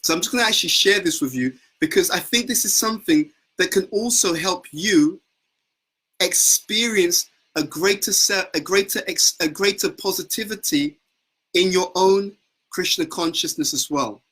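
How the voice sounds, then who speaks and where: A man's voice: high-pitched, moderate pace, pushed and bright, husky, rough recording. A man giving an earnest devotional talk as a spiritual teacher, often repeating words as he searches for phrasing. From United Kingdom.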